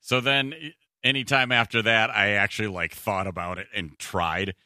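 A man's voice: fairly low pitch, steady tone, normal speed, sharp tone, clear, resonant tone, no room sound, clean studio sound. A man in casual chat as a podcast co-host, telling self-deprecating stories and laughing often.

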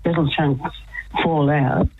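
A woman guest on a radio show telling a personal faith story, chatty, laughing often and sometimes dropping to a hushed whisper. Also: deep voice, fairly even intonation, takes it slowly, slightly rough, phone-quality sound. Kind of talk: radio phone-in chat about faith.

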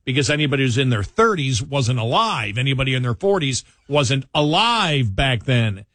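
A man's voice: medium pitch, big pitch swings, normal speed, fairly bright tone, no room sound, studio quality. A man co-hosting a political talk show, talking in an emphatic conversational way that repeats points and restarts sentences.

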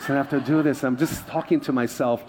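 A man's voice: mid-range voice, fairly even intonation, fast, darkish tone, slight background noise. A male pastor preaching a sermon, mixing humorous stories with repeated phrases and calls to the congregation. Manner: asks the congregation for responses.

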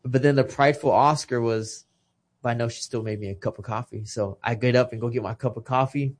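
A man in his thirties from Texas tells a deeply personal story as a podcast guest, with his voice sitting in a plain middle pitch. He talks with heartfelt emotion and often stumbles over his first words before getting the thought out. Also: fairly even intonation, fairly quick. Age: 30s. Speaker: podcast guest, retired boxer. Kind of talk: casual conversation.

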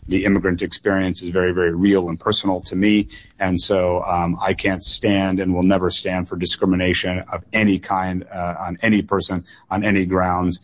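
Earnest man with a low voice. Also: flat delivery, moderate pace. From United States. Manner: earnest, with frequent restarts and repeated words. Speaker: political candidate guest. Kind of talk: radio call-in interview.

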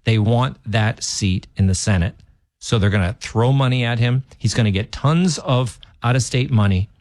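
A man's voice: medium pitch, moderate pace, a little mellow, no echo, studio quality. Opinionated male talk radio host. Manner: opinionated, conversational, with frequent restarts.

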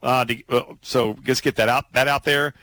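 Bright-voiced excitable male sports host. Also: medium pitch, moderate pace, dry recording, poor audio. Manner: excitable, laughing, many restarts. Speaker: sports talk show host. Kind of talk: casual sports talk chat.

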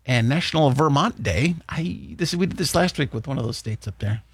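A man's voice: medium pitch, expressive, fairly quick, husky, no echo, studio quality. A man hosting a radio show, chatting casually in a jokey, rambling way. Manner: jokey, rambling, acts out quotes. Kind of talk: casual morning show chat.

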